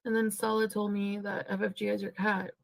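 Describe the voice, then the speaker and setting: A woman's voice: mid-range voice, level tone, brisk, vocal fry, poor audio. A woman in a played vlog clip, talking in an aggrieved, defensive way with heavy sighs.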